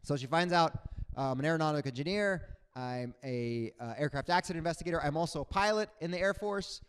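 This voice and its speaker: Male stand-up comic, high-pitched, animated delivery, handheld mic on stage. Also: quick pace, clean tone. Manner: animated, acts out other people's voices. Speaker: stand-up comedian. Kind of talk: stand-up comedy set. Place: on stage before a live audience.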